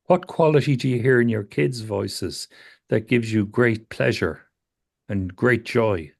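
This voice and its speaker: A man working as a psychotherapist, talking a client through self-awareness in a calm, questioning way that repeats phrases. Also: medium pitch, unhurried, creaky. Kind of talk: therapy session conversation.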